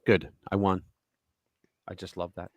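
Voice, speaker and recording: Deep-voiced and measured, a man hosts a live political stream with no echo on the audio. His commentary is casual and animated, laced with sarcasm and mocking voices.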